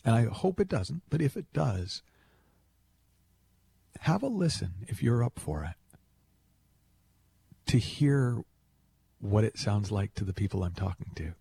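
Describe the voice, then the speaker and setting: A man hosting a call-in radio show, talking in a playful, animated storytelling way. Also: unhurried, long pauses. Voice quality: deep gravelly voice. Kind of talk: conversational radio monologue.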